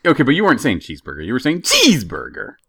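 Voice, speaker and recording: A man's voice: mid-range voice, huge pitch swings, rapid-fire, no echo, studio quality. A man from the Utah and Idaho area with a slight Intermountain West accent, co-hosting a podcast in a playful, teasing way. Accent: Intermountain West American. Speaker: podcast co-host. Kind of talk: casual chat.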